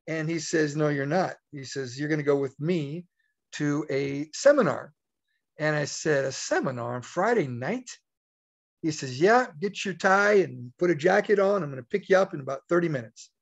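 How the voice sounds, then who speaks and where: A man giving a motivational talk as a network marketing leader, telling a folksy story and acting out the quoted dialogue. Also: a little high. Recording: dull, lo-fi call audio.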